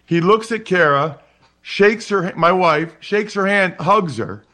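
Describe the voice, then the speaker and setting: A man's voice: high voice, takes it slowly, bright, forceful tone. A man in his forties from Pennsylvania, a former football player telling rambling anecdotes in a casual interview, often restarting and repeating words. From Wyomissing, Pennsylvania, USA. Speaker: guest, former NFL player.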